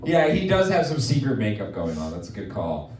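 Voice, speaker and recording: A man hosting a live comedy show, rambling and joking through quick asides with his guests. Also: on the low side, huge pitch swings, darkish tone, echoey room, distant mic. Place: comedy venue with live audience.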